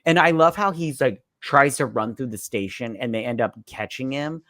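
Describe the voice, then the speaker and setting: A man's voice: medium pitch, normal speed, a bit bright, dry recording, studio quality. A tipsy man co-hosting a podcast, retelling a film's plot in a rambling way and acting out lines with "he's like". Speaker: podcast co-host. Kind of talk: casual movie recap.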